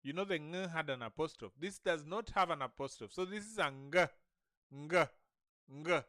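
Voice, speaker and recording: A man's voice: fairly high pitch, animated, fast, pushed and bright, no room sound, studio quality. A man teaching vocabulary in a casual lesson, patiently repeating each word many times. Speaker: language teacher. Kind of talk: informal language lesson, repeating words slowly.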